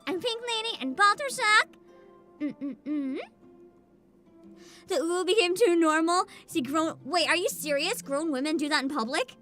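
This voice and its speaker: High, lively young woman streamer. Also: a little slow, faint music behind. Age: 20s. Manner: animated, swearing freely, laughing often; reads out and greets chat names. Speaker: VTuber streamer. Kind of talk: casual livestream chat.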